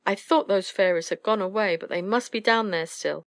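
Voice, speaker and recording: A woman voicing a fussy, anxious mother owl who scolds in a high, shrill voice. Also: moderate pace, no echo, lightly acted. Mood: scolding.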